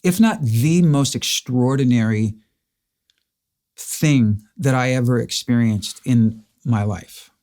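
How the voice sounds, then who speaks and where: A man's voice: medium pitch, slow pace, warm tone. A man earnestly recounting a personal story in a casual chat, acting out the dialogue. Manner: earnest, emotional, re-enacts dialogue. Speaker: interviewer.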